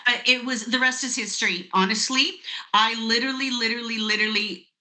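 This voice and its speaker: Bright-voiced woman telling a lively story. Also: on the high side, a little fast. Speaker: network marketing guest. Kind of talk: storytelling on a video call.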